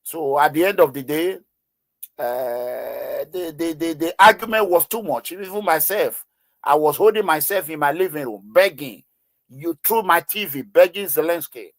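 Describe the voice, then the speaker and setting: A man's voice: a little high, moderate pace, a bit bright, no echo. A man giving emotional news commentary in an impassioned, pleading way, with many fillers and repeats.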